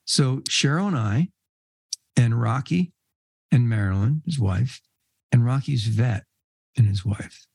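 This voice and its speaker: A man's voice: mid-range voice, expressive, slow, creaky, pauses often, a little mellow, husky, dry recording. An older man, a podcast guest, telling casual rambling anecdotes and laughing mid-sentence. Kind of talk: casual storytelling.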